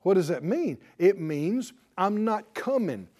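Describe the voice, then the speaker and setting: A man preaching a sermon in a high voice. His pitch leaps and swoops as he acts out little scenes. He calls out to the congregation and waits for them to answer. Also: measured pace. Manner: animated storytelling, acting out dialogue; call-and-response with congregation.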